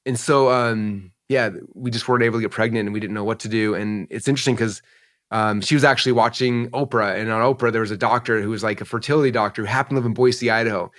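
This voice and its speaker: A man's voice: fairly low pitch, steady tone, quick pace, fairly bright tone. A man in his forties, an entrepreneur guest in an interview, telling a personal story in a rambling, emotional way, full of "like" and "um".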